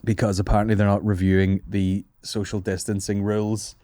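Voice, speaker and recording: A young man rambles through a comedic podcast monologue, swearing freely and laughing at his own jokes. His voice sits on the low side. The recording is dry and close, with no room sound. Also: little pitch movement, a little fast, dark tone, no room sound.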